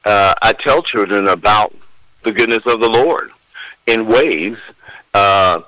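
A bright, forward-voiced older man with a drawl, spinning homespun stories as a professional Santa. The recording is dry and close, with little room sound. He talks in a folksy, rambling way, full of small restarts. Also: fairly low pitch, slow pace, dry recording, low-quality recording. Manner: folksy storyteller, acts out children's voices. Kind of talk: interview answers, anecdotes.

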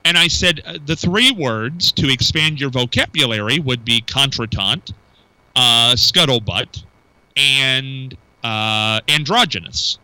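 Chatty bright-voiced male radio host. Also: mid-range voice, lively intonation, slow pace, clean tone, no room sound, low-quality recording. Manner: chatty, rambling with fillers, repeats phone number. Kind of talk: casual call-in radio talk.

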